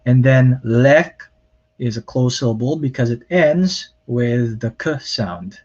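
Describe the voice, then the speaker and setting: Slow-speaking man lecturing on grammar. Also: medium pitch, expressive, a little mellow. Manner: plain explanatory, many fillers and self-corrections. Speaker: Hebrew lecturer. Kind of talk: recorded lecture explaining Hebrew grammar. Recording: dull lo-fi lecture recording.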